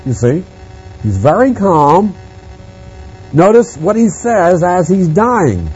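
A man preaching a Bible-teaching sermon, reading scripture aloud in a slow, deliberate manner. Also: sits high, sing-song, darkish tone. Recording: dull lo-fi sound with mains hum and faint music.

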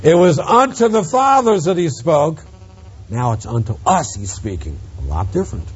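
A man preaching an expository Bible lesson, emphatic, rising on stressed words and dropping quiet on asides. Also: on the high side, breathy edge, highs cut off. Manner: emphatic, swings from loud stresses to quiet drops.

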